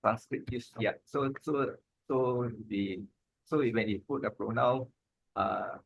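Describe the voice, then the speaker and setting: A man, teaching Pali grammar in an informal lesson, halting and repeating himself, with many "ah" and "lah" fillers. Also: medium pitch, creaky, no room sound, lo-fi sound.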